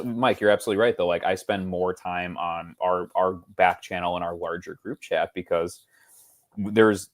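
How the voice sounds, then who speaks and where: A man with a notably low voice co-hosting a football podcast. He rambles through long, winding points and slips into quick impressions of other people as he tells them. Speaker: podcast co-host. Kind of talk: casual chat.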